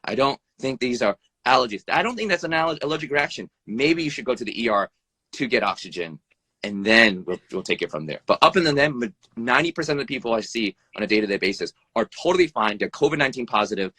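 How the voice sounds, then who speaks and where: An American emergency room doctor, interviewed over a live video stream, fires off blunt advice at a fast clip in a bright, slightly husky voice. He's animated, swears freely, keeps asking "right?", and his pitch jumps up and down. The phone or video-call mic gives a dry, close sound.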